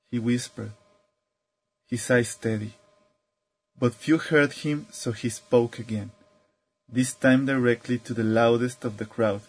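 A man speaking calmly and reflectively as a spiritual teacher, telling a story in a measured way. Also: mid-range voice, husky, no room sound.

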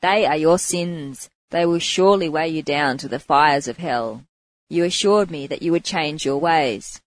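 A woman's voice: on the low side, expressive, normal speed, no echo, poor audio. A woman voicing a self-righteous male monk who lectures and proclaims, in a spoken story. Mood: scolding. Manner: scolding, proclaiming.

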